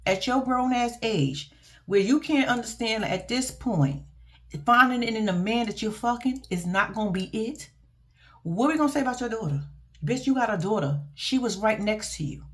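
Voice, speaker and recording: A woman giving a casual, profane and animated reaction vlog about a reality TV show, speaking. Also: on the high side, moderate pace. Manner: blunt, profane, animated and laughing. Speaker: reality TV commentator.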